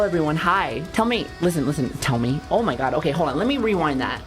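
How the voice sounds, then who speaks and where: A young woman streamer talks casually and playfully to her chat, joking and swearing as she goes. Her voice sits low for a woman. Faint music plays softly behind her. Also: animated, fast talker, hardly any pauses.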